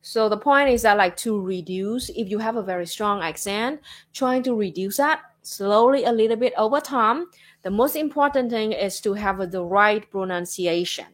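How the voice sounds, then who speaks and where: Speaking with a Vietnamese accent, this woman from Vietnam streams live and chats casually, leaning constantly on fillers like "like" and "you know." She has a mid-range voice and a moderate pace.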